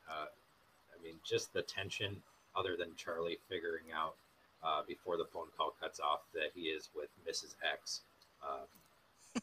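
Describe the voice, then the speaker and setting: A man co-hosting a casual movie podcast, with a very deep, low voice. He speaks in a measured, hesitant way with plenty of fillers. Faint noise hums behind him. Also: sharp tone, poor audio. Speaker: podcast co-host.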